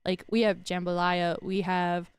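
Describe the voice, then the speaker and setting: Slow, clear-voiced Cajun woman chatting. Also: on the low side, little pitch movement, dry recording. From Louisiana, USA. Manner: rambling, self-correcting, laughs often. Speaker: streamer. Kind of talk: casual chat.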